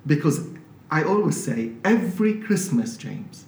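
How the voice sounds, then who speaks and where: A man from Syria, a priest and charity director, telling stories with animated emphasis as an interview guest in an office. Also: fairly high pitch, a little slow, vocal fry. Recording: roomy office, mic at a distance, faint hiss.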